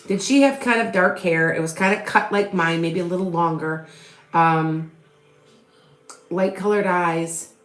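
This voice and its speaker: A middle-aged tarot reader and psychic medium does a live reading, answering viewers' questions in a rambling, chatty way full of fillers and restarts. Her lowish voice is a little slow, and the room is echoey.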